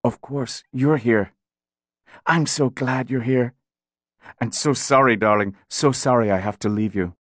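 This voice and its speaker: A man voicing a dying mother who speaks softly and weakly to her daughter. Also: mid-range voice, unhurried, dry recording, clean studio sound, close to an everyday voice. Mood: tender. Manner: soft, weak, apologetic. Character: dying mother, grieving and tender woman.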